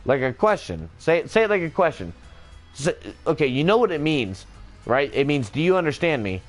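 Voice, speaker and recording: A man's voice: fairly high pitch, very animated, normal speed, faint music behind. A man in a rambling, joking casual monologue, swearing freely as he goes.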